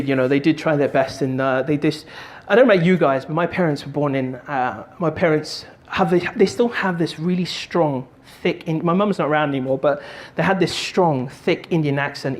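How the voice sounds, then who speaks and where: A man giving a motivational talk, telling a story in an animated, jokey way and doing voices. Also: a little high, fairly quick, few pauses. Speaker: motivational speaker and stand-up comic.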